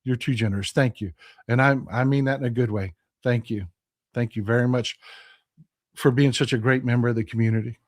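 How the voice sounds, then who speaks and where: A fifty-year-old Texan man hosts a casual live stream, reading viewer comments aloud and greeting people by name. He often restarts his phrases to correct himself. His mid-range voice is steady and a little fast.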